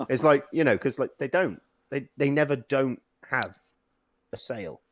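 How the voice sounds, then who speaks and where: Teasing man with a lively voice. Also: mid-range voice, measured pace, no room sound. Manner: teasing, laughing interjections. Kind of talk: casual chat.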